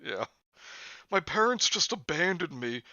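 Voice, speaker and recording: Host, male, bright tone, mocking comic story reader, lo-fi mic. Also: sing-song, a little slow. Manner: mocking, breaks into laughter, jumps high for exaggerated lines. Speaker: host reading a story aloud. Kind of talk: comedic dramatic reading with friends.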